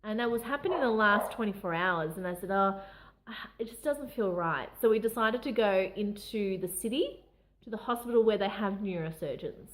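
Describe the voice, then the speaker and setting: A woman's voice: medium pitch, lively intonation, moderate pace, slight background noise. Young aussie woman vlogging her story, open and emotional, keeps restarting sentences. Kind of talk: personal storytelling to camera.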